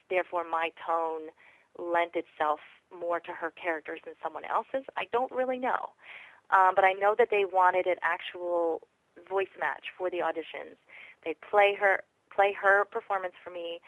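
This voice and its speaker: Dry-sounding, low-pitched woman chatting. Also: fairly bright tone, no echo, rough recording. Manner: reflective, chatty, many fillers. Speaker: voice actress, interview guest. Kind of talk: casual interview chat.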